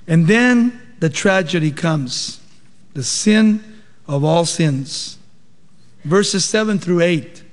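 A man's voice: high-pitched, long reverb tail. A male pastor preaching a sermon, explaining scripture with rhetorical questions.

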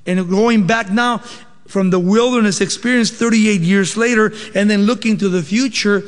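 Male pastor, sermon, fairly high voice, expository with rhetorical questions, long hall reverb. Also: moderate pace.

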